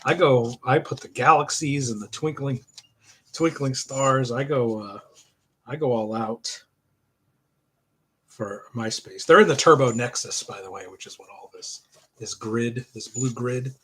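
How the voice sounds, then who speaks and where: A man's voice: mid-range voice, measured pace, fairly bright tone, husky. A middle-aged man casually chatting about a comic book, rambling and joking, with lots of fillers. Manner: rambling and joking, with frequent fillers, laughing at himself. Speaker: comic reviewer and host. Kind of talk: casual comic review chat.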